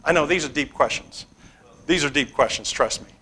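On a low-quality recording, a man with a higher, somewhat breathy voice teaches a Bible class at normal speed as if preaching. He questions the class, repeats key phrases, and swings between loud, stressed words and quiet asides.

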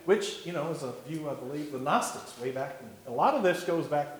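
A man leads a church Bible class, a touch high-pitched, pausing often on fillers and restarting his sentences. He puts questions to the class as he goes. The room rings with echo. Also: lively intonation.

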